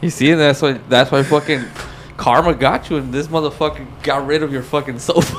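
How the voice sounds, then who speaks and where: A man's voice: fairly high pitch, fairly even intonation, brisk, slight background noise. A man in a casual podcast chat who cuts in with crude wisecracks. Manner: wisecracking interjections.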